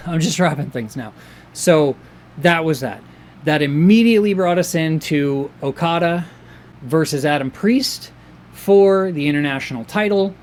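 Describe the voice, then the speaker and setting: Excitable rambling man, slightly high voice. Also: a little slow. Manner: rambling and excitable, with many fillers and restarts. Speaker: wrestling show reviewer. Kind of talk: casual chat.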